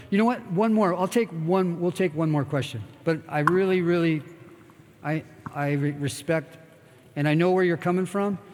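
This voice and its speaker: An older man from the United States talks in a blunt, rambling way, swearing freely as he answers questions from a live audience. His voice sits a little high for a man. A long hall reverb trails behind every phrase. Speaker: guest speaker. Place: expo talk stage in a large hall.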